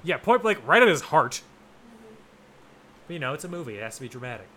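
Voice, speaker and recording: A man co-hosting a podcast, recapping a film plot in casual chat with dry, deadpan jokes. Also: fairly high pitch, fast talker. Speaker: podcast co-host.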